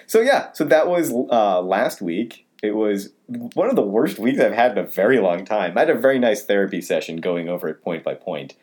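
Male podcast co-host, lower voice, lively swinging delivery, casual storytelling. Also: normal speed. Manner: animated storytelling with wide pitch swings. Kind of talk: casual chat, personal story.

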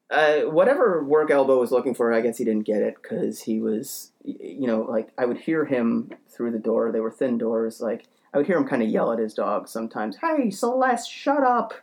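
A man's voice: steady tone, normal speed. A man telling a story in casual talk, rambling with lots of fillers and restarts, and getting heated as he goes. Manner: acts out quotes in a shouting higher voice; grows heated and ranting. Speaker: podcast storyteller.

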